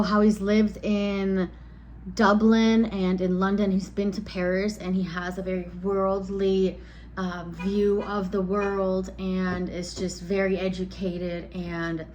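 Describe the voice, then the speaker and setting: A woman's voice: mid-range voice, darkish tone, slight background noise. A woman in her thirties telling a dating story in casual vlog chat, frank and blunt, often losing her train of thought and circling back. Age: 30s. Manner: blunt and exasperated. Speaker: vlogger.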